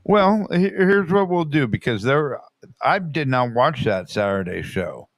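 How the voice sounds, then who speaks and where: A man's voice: mid-range voice, big pitch swings, measured pace, no room sound. Man hosting a chat, dry close sound. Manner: short agreeing replies, steers the talk. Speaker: host. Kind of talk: casual commentary chat.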